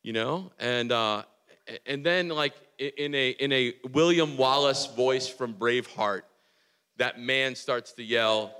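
A man giving a relaxed, storytelling sermon, full of quick restarts and "like"s as he gets carried away. His voice is bright and forward, at a middle pitch for a man. A long church-hall reverb trails after each phrase. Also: clear, resonant tone. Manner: excitable, restarts and "like" fillers, storytelling. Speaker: pastor. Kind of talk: casual conversational sermon.

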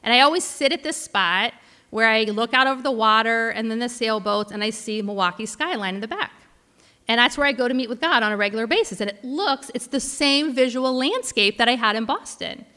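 A woman's voice: a little high, animated, brisk, pushed and bright, in a large hall. A woman pastor giving a heartfelt sermon, telling a personal story with frequent restarts. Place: large church hall.

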